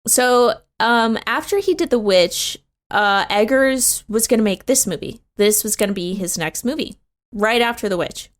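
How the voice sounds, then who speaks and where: A woman's voice: on the high side, moderate pace. A woman co-hosting a podcast in casual chat, slangy, calling her co-host dude and bro.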